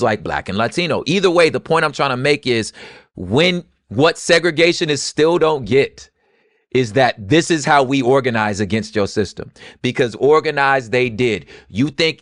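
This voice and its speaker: A young adult man gives animated, casual history commentary. His talk jumps from low murmured asides to loud, heated bursts. The recording is dry and close, with no room sound. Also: no room sound. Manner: animated, swings from quiet asides to loud street-talk outbursts. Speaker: podcast co-host.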